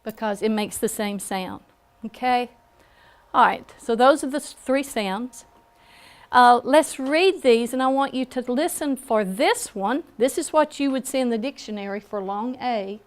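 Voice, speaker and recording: Slow Southern American woman teacher. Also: a little high. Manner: slow, patient, with frequent "okay?" check-ins. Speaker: phonics teacher. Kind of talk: classroom lesson. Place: classroom.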